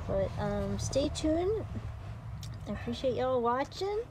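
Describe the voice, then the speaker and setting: A woman hosting a casual vlog about her dog's new litter, chatting on and off and cooing at the puppies in high baby talk. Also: big pitch swings, slow, background noise. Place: beside a whelping area at home.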